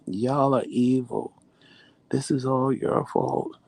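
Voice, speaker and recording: A man's voice: mid-range voice, steady tone, slow pace, vocal fry, a little mellow, dry recording, voice pushed up. A man putting on the voice of a drunk, whiny grown man who blames everyone around him, drawing out his words. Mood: accusing.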